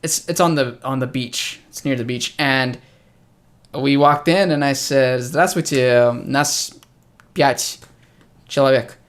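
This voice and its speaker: A man's voice: mid-range voice, a little slow. A young man from the United States, an English teacher hosting a casual chat with a friend, telling stories and acting out the dialogue. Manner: animated storyteller, acts out quoted dialogue.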